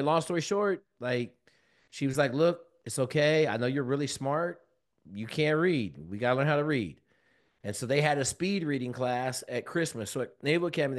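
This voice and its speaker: A man, a guest on an interview show, telling a personal story in casual, slangy speech and acting out the voices of people in it. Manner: animated, acts out quoted dialogue with big pitch jumps; colloquial, relaxed slang. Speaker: guest, former Navy SEAL and mentor.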